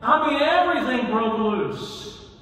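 A man preaching a sermon, telling a Bible story with swings between loud emphasis and quiet asides. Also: extremely high pitch, expressive, unhurried, a little hiss or hum. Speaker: pastor. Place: church sanctuary. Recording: echoey hall, from far off, faint ambience.

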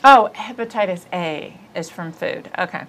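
A woman hosts a loose, comedic chat with a bright, clear-ringing voice. She rambles from one thought to the next and giggles often. She pokes fun at herself as she goes. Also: on the low side, moderate pace, low-quality recording. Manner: rambling, giggly, self-deprecating. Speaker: podcast host.

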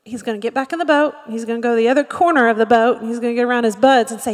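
High-voiced woman pastor preaching in a hall. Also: very fast, few pauses. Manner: lively preaching with acted-out quotes and frequent "Amen?". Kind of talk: sermon. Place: church sanctuary.

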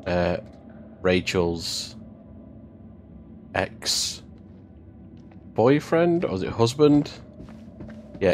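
A man's voice: sits low, slight background noise. A man giving casual, jokey commentary as he plays through a game. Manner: jokey, chatty asides over gameplay. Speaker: gaming commentator. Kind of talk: casual let's-play commentary. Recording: game music underneath.

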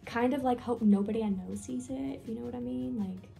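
A young woman chats through a get-to-know-me vlog, rambling and joking at her own expense. Her voice is dark and mellow with a gravelly edge, and faint music plays underneath. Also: a little high, brisk. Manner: rambling, filler-heavy, self-deprecating. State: nervous, with hiccups. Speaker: vlogger.

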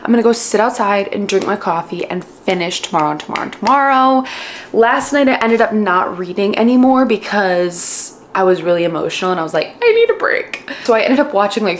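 A woman in her late twenties chatting casually to camera about books for her home vlog, expressive and sprinkled with "like" fillers. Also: mid-range voice, a little hiss or hum. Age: late 20s. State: tearful and emotional at times. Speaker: book vlogger.

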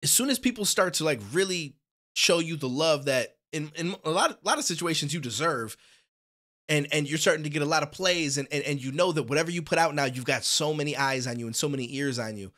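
A man's voice: on the high side, fairly quick, fairly bright tone. A man hosting a music reaction video, talking in a casual, rambling, enthusiastic way with a stuffy, nasal voice. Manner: rambling, enthusiastic, many restarts. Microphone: studio podcast microphone.

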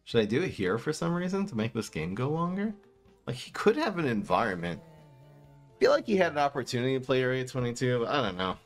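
A man giving casual commentary as he plays a card game, swinging between low muttering and exasperated outbursts. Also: big pitch swings, quick pace, faint music behind. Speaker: gaming streamer.

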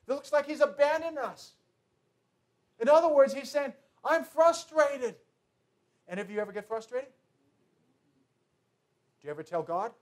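A pastor with a notably high voice preaches to his congregation. He leans hard on repetition, shifts between hushed asides and ringing declarations, and keeps the tone earnest throughout. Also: lively intonation, measured pace, long pauses. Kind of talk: sermon.

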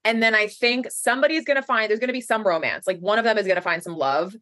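A woman co-hosting a podcast, chatting in an animated way and laughing easily. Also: medium pitch, quick pace. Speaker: podcast co-host. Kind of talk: casual recap chat.

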